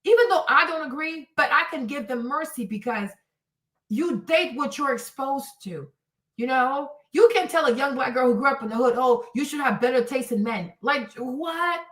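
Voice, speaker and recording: A woman hosting a stream, ranting in an animated, exasperated way, swearing freely and sometimes breaking into shouts. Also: high voice, normal speed, far from the mic. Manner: bursts into shouts. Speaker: host. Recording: echoey room, off the mic.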